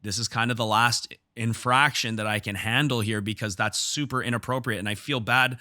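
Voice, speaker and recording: A man's voice: medium pitch, steady tone, a little fast, bright, forceful tone, dry recording, studio quality. A man hosting a podcast, telling a story from his gym in a casual, heated way, restarting his sentences. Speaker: podcast host and gym owner.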